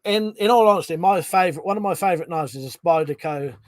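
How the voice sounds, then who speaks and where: A man's voice: sits high, fast. A man hosting a casual live stream, chatting loosely and reading out viewer comments. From Britain. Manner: chatty, swears freely, reads out viewer comments. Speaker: livestream host.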